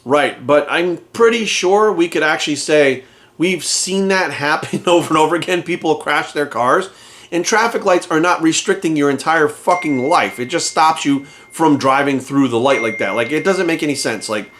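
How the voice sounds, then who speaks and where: A man's voice: fairly high pitch, normal speed, fairly bright tone. Heated, profane man ranting. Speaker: fitness coach and channel host. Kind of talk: ranting commentary to camera.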